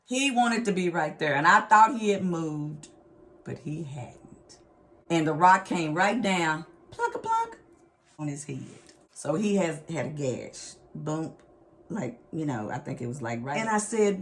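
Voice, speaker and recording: A middle-aged woman, telling a family story in a casual, animated, expressive vlog. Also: low voice, unhurried. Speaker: vlog host.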